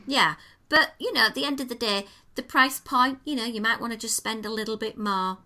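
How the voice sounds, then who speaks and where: A woman co-hosting a podcast chats through a restaurant review, giving detailed and enthusiastic descriptions. Her voice is a little high, with a brisk delivery and a sharp tone.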